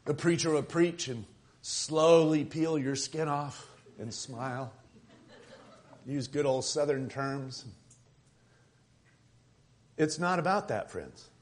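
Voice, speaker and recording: A man's voice: on the high side, slow, pauses often. A man delivers a sermon in an easy, conversational way. He jokes and asides, and his voice sits slightly above the usual male range. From Tucson, Arizona. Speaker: pastor.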